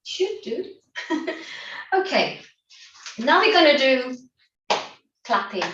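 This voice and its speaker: A woman's voice: fairly high pitch, highs cut off, heavy background noise. A woman guiding an online laughter yoga session, upbeat and encouraging, often breaking into laughter. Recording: roomy, distant from the mic.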